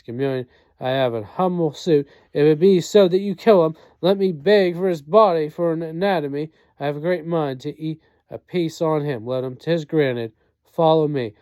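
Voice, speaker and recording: A man's voice: fairly high pitch, normal speed, warm tone, no room sound. A man reading a play aloud, doing every part and reading out the speaker names and stage directions. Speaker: reader.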